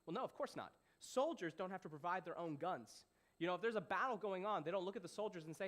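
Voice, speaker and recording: A young adult man preaching a casual, animated sermon as a young adults pastor, joking and asking his listeners questions. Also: sits high, fast. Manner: animated, playful, asks the audience questions.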